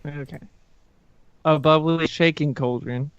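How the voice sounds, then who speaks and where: Smooth-voiced man thinking aloud. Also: fairly high pitch, fairly even intonation, measured pace, no echo, dull audio. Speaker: player. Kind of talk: tabletop game play.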